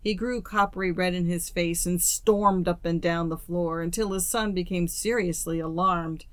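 A woman reading a classic story aloud as an audiobook narrator, in a steady, measured way. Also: on the low side, no echo. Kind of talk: scripted narration.

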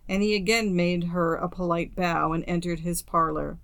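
Lady reading a storybook aloud, kinda low voice, measured pace, dry sound. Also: fairly even intonation, gravelly, a bit bright, no echo. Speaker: audiobook narrator. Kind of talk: scripted narration.

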